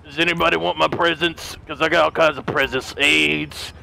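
A man voicing a seedy, down-and-out male mall Santa in a gruff, crude and leering way during gaming banter. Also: fairly high pitch, steady tone, moderate pace, heavy background noise, pitched below the performer's own voice. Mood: sleazy.

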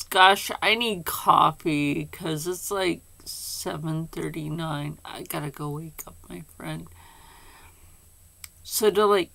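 An older woman talks to her viewers in a very slow, rambling way. Her voice is gravelly and fairly low, and she keeps slipping into a soft half-whisper. She sounds emotional and close to tears at times. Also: fairly even intonation. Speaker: video channel host. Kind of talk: casual chat to camera.

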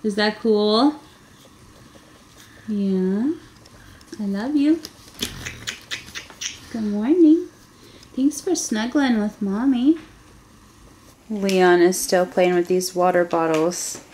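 A tired young mother chatting casually in a home vlog, soft-spoken, with lots of fillers and little laughs. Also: mid-range voice, drawn-out words, pauses often. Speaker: family vlogger, mother. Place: bedroom at home. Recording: roomy room, faint noise.

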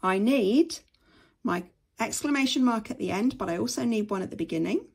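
A woman's voice: fairly high pitch, lively intonation, normal speed, vocal fry, slightly rough. Patient woman teaching step by step. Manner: patient, step-by-step, frequent "okay". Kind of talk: screen-share tutorial.

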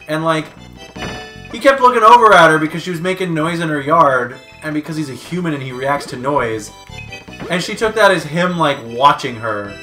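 A man with a slightly higher-than-usual voice talks in a blunt, profane, casual way as a co-host. Loud music plays clearly behind him throughout. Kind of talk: casual chat.

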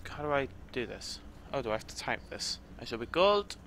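Guy narrating his game, kinda sharp bright tone, rambly. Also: mid-range voice, very animated, a little fast, gravelly, slight background noise. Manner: chatty, thinking aloud. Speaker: gaming YouTuber. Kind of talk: gameplay commentary.

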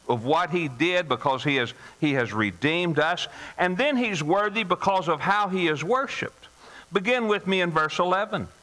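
A man's voice: on the high side, bright, forceful tone, rough recording. A male pastor preaching a midweek sermon in church, emphatic and repetitive, with frequent restarts. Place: church sanctuary.

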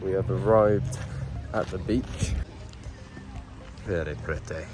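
A young man vlogging to camera while running outdoors, excitable and swearing often, a bit out of breath. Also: low voice, slow, music in the background. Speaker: travel vlogger. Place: outdoors on rocky coast and beach. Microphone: phone held while moving.

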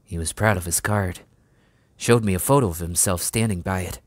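A man voicing a soft-spoken young soldier lad. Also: low voice, moderate pace, no room sound. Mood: grieving. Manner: soft, gentle, talking fondly to a horse. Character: gentle young English farm lad soldier.

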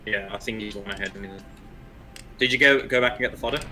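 A man's voice: on the low side, quick pace, pushed and bright, soft background music. A man chatting casually while racing through a speedrun, talking through his moves with self-mocking asides. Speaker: speedrun racer.

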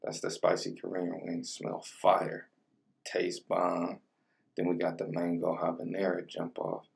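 A young man rambles in relaxed slang through a mukbang-style food vlog. His voice sits very low with a heavy gravelly rasp, and he is heard from a little away from the mic. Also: a little slow, distant mic. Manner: laid-back slang-heavy chatter between bites. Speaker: mukbang vlogger. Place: home room with colored lighting.

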